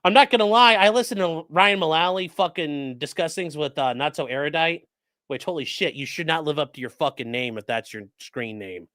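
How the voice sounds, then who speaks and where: A man's voice: fairly high pitch, moderate pace, sharp tone, no echo, clean studio sound. A man giving casual live-stream legal commentary, reading chat messages aloud and swearing bluntly. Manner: profane and blunt, swearing freely; breaks off to coax his dogs in a sing-song voice.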